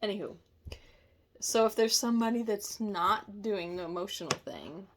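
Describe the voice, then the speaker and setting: A woman's voice: medium pitch, normal speed, noisy background. A woman giving a casual tarot reading in a chatty way, often laughing, apologizing and correcting herself mid-sentence. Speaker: tarot reader.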